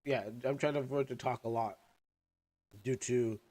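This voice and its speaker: A man's voice: mid-range voice, steady tone, mellow. A young man who is sick and coughing chats casually as a streamer. He rambles and halts while sucking on candy. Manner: rambling, halting, talking with candy in mouth. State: sick, coughing, recovering lungs. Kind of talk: casual livestream chat.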